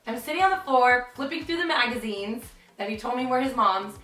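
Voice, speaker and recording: In a chatty vlog, a young woman tells a dramatic story packed with "like," her voice slightly high, bright, brisk, and forceful. The audio sounds roomy and distant, with faint music underneath.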